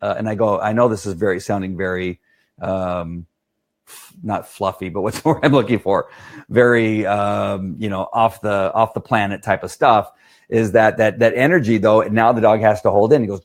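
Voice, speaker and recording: Lowish-voiced man, dog trainer, casual rambling explainer. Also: fairly even intonation, normal speed. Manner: rambling, repeats "right?" often.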